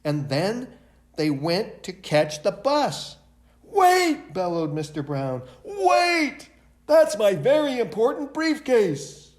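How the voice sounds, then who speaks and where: Reading to kids at storytime, this man, who directs a library, gives the picture book an expressive delivery in a slightly high voice.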